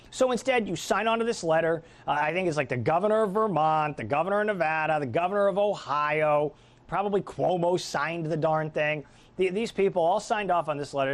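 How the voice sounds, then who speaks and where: A middle-aged man hosts political talk radio in a combative, sarcastic monologue. His pitch sits a little high and swings widely as he mocks and jabs. He delivers it as an animated rant. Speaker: radio talk show host.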